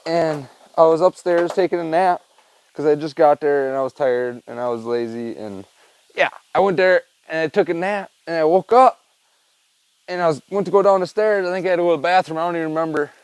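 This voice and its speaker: Gravelly young-sounding man rambling casually. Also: fairly high pitch, a little mellow, rough recording. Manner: loose and rambling, swears a lot, laughs mid-sentence. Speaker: vlogger. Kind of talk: casual rambling chat to camera.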